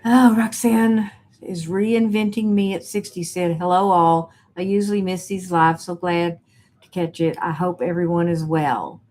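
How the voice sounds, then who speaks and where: A woman chats through a live stream at an unhurried pace. Her voice sits on the lower side. She reads viewers' comments aloud and answers them with sassy, teasing banter. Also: fairly even intonation, a little mellow. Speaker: live stream host reading chat. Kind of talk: casual live stream chat.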